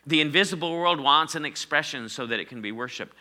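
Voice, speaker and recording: A middle-aged male pastor preaching a sermon, calling on the congregation to repeat words and swinging between loud declarations and hushed phrases. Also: on the high side, fast talker. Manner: preaching with call-and-response prompts, swinging from loud to quiet.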